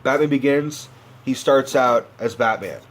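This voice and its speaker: A man's voice: mid-range voice, measured pace. A young man ranting about a film review, profane and exasperated, dropping into mocking impressions of the characters.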